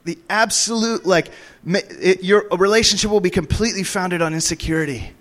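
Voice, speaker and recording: A young man preaching a charismatic sermon in a church room, rambling with many fillers, breaking into laughs and sudden high whoops. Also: fairly quick, a bit bright.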